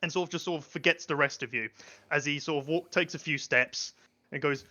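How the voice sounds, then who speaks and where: A man narrating a tabletop game as its game master, hedging with 'sort of' at every turn. His voice is bright and a little high for a man, and the mic sounds dull and lo-fi. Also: brisk. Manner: hesitant, full of 'sort of' and 'like'.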